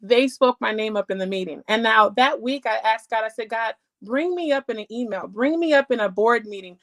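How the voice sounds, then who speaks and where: A woman shares her faith testimony as a guest, telling it in an animated, storytelling way. Her voice sits fairly high, and she acts out the people she quotes. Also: fairly quick. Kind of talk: testimony in casual talk.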